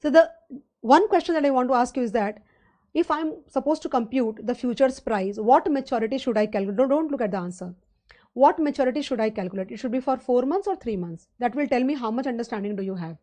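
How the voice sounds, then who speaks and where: A woman with an Indian English accent gives a live online finance lecture in a fairly high, warm voice with lively intonation and a slightly quick pace. She's chatty and rambling, full of fillers and rhetorical questions aimed at her students.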